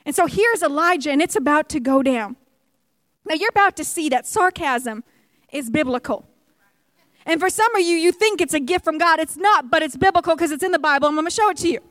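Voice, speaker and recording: High-voiced woman preaching with humor. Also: brisk, no echo. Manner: humorous, animated storytelling with acted-out quotes. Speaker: pastor. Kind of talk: sermon.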